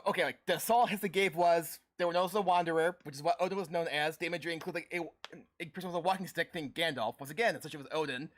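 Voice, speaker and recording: A man co-hosting a casual panel discussion, telling an example in an animated, storytelling way. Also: on the high side, quick pace, hardly any pauses. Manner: animated, storytelling, acts out quotes. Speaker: podcast co-host.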